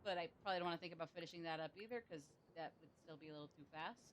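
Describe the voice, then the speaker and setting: A woman's voice: low voice, racing, slight background noise. A woman streaming a video game, chatting casually with rambling asides and frequent laughter.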